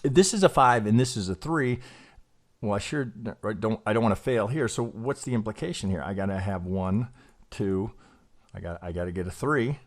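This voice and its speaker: A man's voice: lowish voice, normal speed. Man musing aloud over charts. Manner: hesitant, self-questioning, repeats words. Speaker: trading educator. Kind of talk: thinking aloud while charting.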